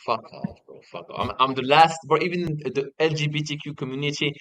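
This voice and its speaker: A young man in a casual interview, telling stories in an animated way and swearing often. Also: a little high, brisk, no room sound, low-quality recording. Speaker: guest.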